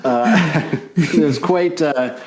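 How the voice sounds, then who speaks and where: A man's voice: a little high, extremely slow, a little mellow. Podcast co-host, man in his thirties, from Canada; rambling, self-deprecating, swears freely; remote call mic. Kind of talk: casual podcast chat over a call.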